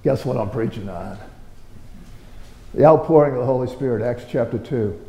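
A man's voice: mid-range voice, moderate pace, creaky, mellow. A man preaching a conversational, story-driven sermon, firing off rhetorical questions with sudden emphatic bursts. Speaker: pastor. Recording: roomy with long hall reverb.

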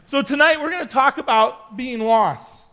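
A man's voice: very high-pitched, moderate pace, pushed and bright. A middle-aged man preaching to young cadets, telling a personal story with chatty asides to the audience. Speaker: youth pastor. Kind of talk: sermon to youth cadets.

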